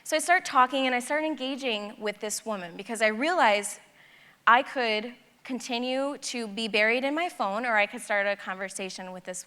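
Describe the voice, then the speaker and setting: Woman, conference speaker, bright and fairly high voice, lively storyteller who acts out dialogue, long reverb of a large hall. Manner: animated, acts out dialogue in her stories. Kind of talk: personal storytelling talk.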